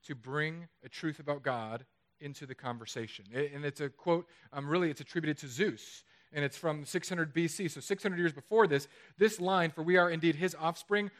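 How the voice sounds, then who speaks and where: A man preaching a sermon in a chapel, lively and conversational, with jokes. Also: a little high. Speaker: pastor.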